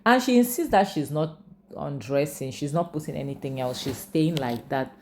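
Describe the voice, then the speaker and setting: Woman with a low mellow voice rambling through a movie recap, emphatic asides, faint hiss behind. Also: animated, normal speed. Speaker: movie reviewer. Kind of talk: casual storytelling recap with personal opinions.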